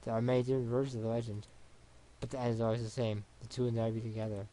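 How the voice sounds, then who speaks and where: A man's voice: mid-range voice, little pitch movement, racing, dark tone, a little hiss or hum. Man reading a visual novel aloud.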